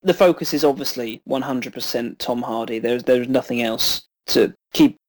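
Measured man reviewing films. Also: medium pitch, low-quality recording. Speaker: film podcast co-host. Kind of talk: casual film review.

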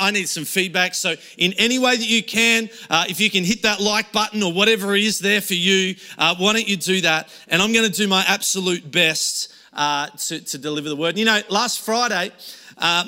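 A man's voice: high voice, bright, forceful tone. A young adult man preaching a sermon to a small room and an online audience, telling stories casually with frequent restarts. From Australia. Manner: conversational storytelling with frequent restarts. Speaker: pastor. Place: room with few people.

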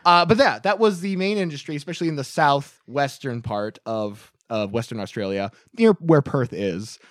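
A man's voice: mid-range voice, moderate pace, no room sound, clean studio sound. A man hosting a casual comedy podcast, telling a history story with jokes and frequent laughter. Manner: animated, laughing, joking storyteller.

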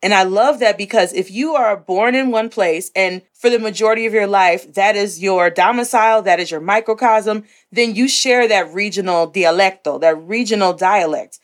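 A woman's voice: medium pitch, normal speed, hardly any pauses. A woman from the United States hosting an interview over a video call, talking with enthusiasm. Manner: enthusiastic, animated. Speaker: host. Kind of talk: casual interview chat.

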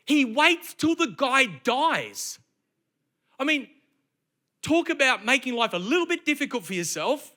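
Bright, high-voiced preacher man. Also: a little slow. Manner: lively storytelling with rhetorical questions to the congregation. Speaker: pastor. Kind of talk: sermon.

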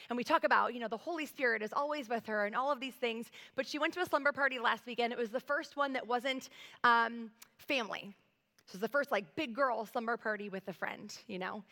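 A woman in her thirties, serving as pastor, gives a sermon built around a personal story, speaking earnestly and conversationally straight to her congregation. Her voice is medium in pitch and a bit bright. The church sanctuary lends the recording a long hall reverb.

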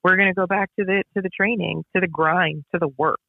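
A woman's voice: lowish voice, steady tone, a little fast, creaky, no room sound. Emphatic woman on a tinny phone line. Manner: emphatic, with lots of repetition. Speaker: basketball referee and podcast guest. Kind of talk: casual interview storytelling.

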